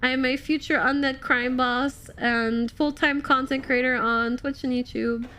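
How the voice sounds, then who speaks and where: A woman's voice: high-pitched, unhurried. Bubbly, slightly ill woman streamer. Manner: bubbly, excitable, chatty with viewers. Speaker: game streamer. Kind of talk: casual live-stream chat while playing.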